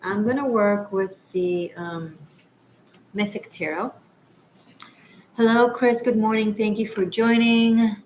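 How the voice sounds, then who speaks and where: A woman's voice: mid-range voice, slow, long pauses, slight background noise, poor audio. A woman from Israel hosting a tarot livestream, chatting casually with viewers in a rambling, laughing way. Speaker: tarot reader and livestream host.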